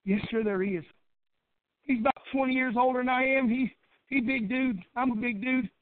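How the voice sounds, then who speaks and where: A middle-aged man preaching a Baptist sermon in a fervent cadence that builds to shouting. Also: very high-pitched, moderate pace, no room sound. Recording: dry, tinny phone-like church recording.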